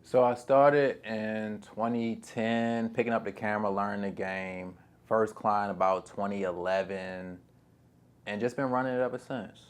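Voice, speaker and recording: A man's voice: fairly low pitch, steady tone, a little slow, smooth. A man in his thirties, a guest in a casual chat, talking in a laid-back, slangy way.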